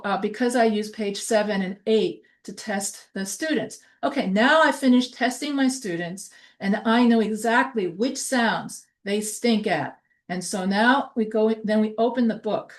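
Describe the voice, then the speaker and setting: A woman teaching accent reduction in a loose, chatty way, often trailing off into asides and filling pauses as she goes. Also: mid-range voice. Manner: rambling, with many fillers and asides; slow, drawn-out word drills. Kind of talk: casual teaching talk.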